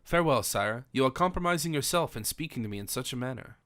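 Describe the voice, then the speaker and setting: A man's voice: medium pitch, animated, fast talker, fairly bright tone, no echo, clean studio sound, natural voice. A man voicing a distraught, devout young woman in an audiobook, pleading in formal old-fashioned speech. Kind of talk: audiobook character reading.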